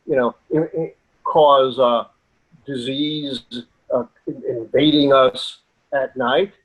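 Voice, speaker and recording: A man's voice: mid-range voice, fairly even intonation, slow pace, poor audio. An older American man, a professor, giving emphatic, indignant answers in a TV interview. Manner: emphatic, indignant, rising to stress key words. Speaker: political science professor, guest.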